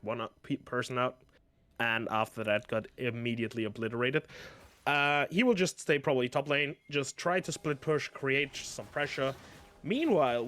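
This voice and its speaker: A man with a German accent, giving analytical live esports commentary with bursts of excitement. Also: mid-range voice. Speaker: esports color caster.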